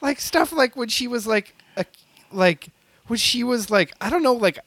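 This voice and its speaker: A man's voice: extremely high pitch, animated, moderate pace, fairly bright tone, no echo. A man co-hosting a podcast, telling a long story in casual chat, laughing often and using many fillers. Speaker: podcast co-host.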